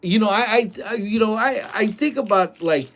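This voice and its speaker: A man's voice: high-pitched, normal speed, a little hiss or hum. Casual man telling a spooky story. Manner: animated, lots of "like" and "dude". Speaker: vlogger. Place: workplace office, early morning.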